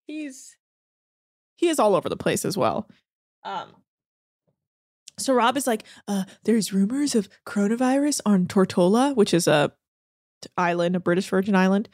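A woman co-hosting a podcast, recapping a reality show in an animated, sarcastic way, laughing and swearing often. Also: mid-range voice, normal speed, long pauses, no echo, clean studio sound. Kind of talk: casual chat.

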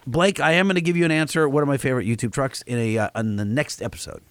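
Halting male podcast co-host, lively pitch. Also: clear, resonant tone, dry recording. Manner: halting, many fillers and restarts. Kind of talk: casual chat, reading listener emails.

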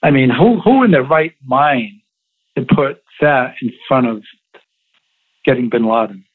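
A man's voice: medium pitch, expressive, measured pace, breathy edge. A man, a guest in an interview, telling stories emphatically and repeating himself. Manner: emphatic, repetitive storytelling. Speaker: interview guest, former Navy SEAL. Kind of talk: interview over the phone. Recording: tinny phone line.

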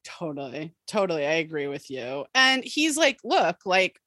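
A woman's voice: low voice, normal speed, no room sound, clean studio sound. A young woman co-hosting a podcast, chatting casually about a TV episode and acting out the characters' lines with frequent laughter. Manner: animated, acts out characters' lines, laughs often. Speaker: podcast co-host. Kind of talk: casual chat recapping a TV show.

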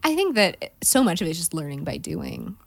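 A woman with a lowish voice, speaking calmly and thoughtfully in casual conversation, with an encouraging tone. She is recorded close and dry. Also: brisk, gravelly, no room sound. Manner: calm, encouraging, reflective. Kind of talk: casual chat.

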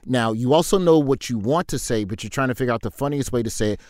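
Relaxed, slangy male talk host. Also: mid-range voice, fast, no echo. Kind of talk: casual interview chat.

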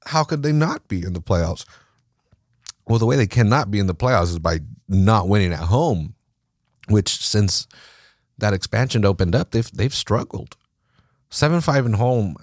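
A man's voice: on the low side, no room sound, studio quality. A man hosting a soccer podcast, ranting casually with lots of swearing and false starts. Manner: profane, ranting, with many restarts. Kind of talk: casual sports talk.

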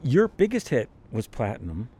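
A man's voice: medium pitch, wildly swooping pitch, normal speed, warm tone, slightly rough. Older male host asking wry questions. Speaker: podcast host. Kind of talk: interviewing a guest. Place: backyard, outdoors.

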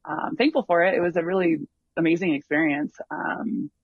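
At a moderate pace and with fairly even intonation, a long-distance hiker with a fairly high, breathy voice talks through his long hike in a casual interview. He rambles with frequent ums and restarts his sentences, over close, dry, dull lo-fi sound with no echo or room.

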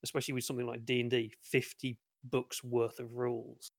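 A man talks tabletop gaming on a casual podcast, emphatic and full of advice, with a wry, dry humor. His voice is creaky and gravelly. The sound is close and dry, with no room to it. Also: medium pitch, completely flat delivery, fairly quick, no room sound. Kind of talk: casual podcast chat about tabletop games.

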